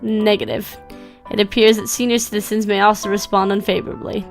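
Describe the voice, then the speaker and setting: A formal, stiff male robot butler, read out by a woman in a visual novel. He speaks politely and plainly in a mid-pitched voice. Faint music plays behind. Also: fairly even intonation, brisk, gravelly, lightly acted. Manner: stiff formal diction, stumbles over words when reading. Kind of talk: reading a visual novel aloud.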